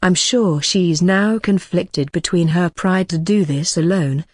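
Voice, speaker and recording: An audiobook narrator reading a first-person story in an even, steady way. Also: mid-range voice, a little slow, no room sound, studio quality.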